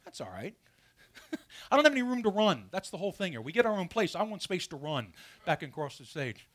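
A man's voice: sits high, fast talker. A man preaching a sermon as pastor from a church pulpit, asking his congregation questions as he goes. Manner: animated preaching with rhetorical questions.

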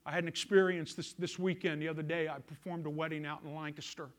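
A male pastor preaching a sermon, telling a story and swinging from loud emphasis to hushed quiet. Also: a little high, level tone, quick pace.

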